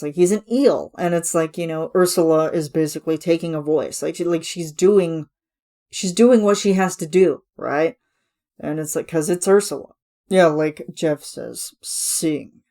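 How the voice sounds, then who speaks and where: A woman's voice: low voice, darkish tone. Rambling, gushing woman podcast host. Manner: rambling, enthusiastic, many fillers. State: voice getting ragged. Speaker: podcast host reviewing a music video. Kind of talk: casual chat.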